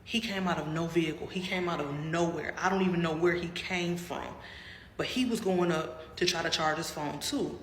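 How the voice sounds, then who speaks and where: A woman's voice: fairly low pitch, normal speed. Woman doing a chatty storytime vlog, hypes up the viewers, echoey room, a bit of background hiss. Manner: chatty, dramatic, keeps calling out to viewers. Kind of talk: casual storytime. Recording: roomy with long reverb and faint noise.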